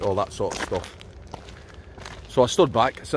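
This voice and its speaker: Walking outdoors at night, this middle-aged Yorkshireman, an ex-prison officer, tells stories in a blunt, matter-of-fact way and swears freely. He speaks briskly at a fairly low pitch, with slight background noise.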